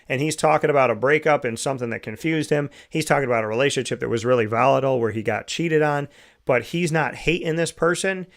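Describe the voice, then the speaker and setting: A man's voice: mid-range voice, gravelly. Reflective male show host. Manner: reflective, coaxing with rhetorical questions. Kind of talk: motivational monologue.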